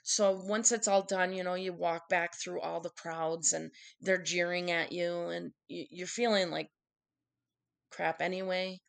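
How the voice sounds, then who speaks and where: A woman's voice: lowish voice, steady tone, unhurried, gravelly. A woman candidly telling an emotional personal story in conversation, acting out the quotes of what people said. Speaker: guest telling her story.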